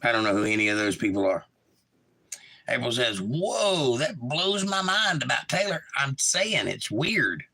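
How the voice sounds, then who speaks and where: A man's voice: medium pitch, very animated, unhurried, sharp tone, slightly rough, rough recording. A man with a Georgia Southern accent hosting a casual livestream, reading viewer comments aloud and answering them in a laid-back way. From Georgia, USA. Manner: laid-back, reads chat messages aloud and replies. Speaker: livestream host.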